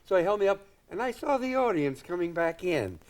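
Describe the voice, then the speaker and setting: A man's voice: high voice, big pitch swings, brisk. An older man from Indiana, a guest comedian, telling rambling anecdotes with chuckles and acted-out quotes. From Indiana, United States. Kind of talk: anecdotal talk-show storytelling.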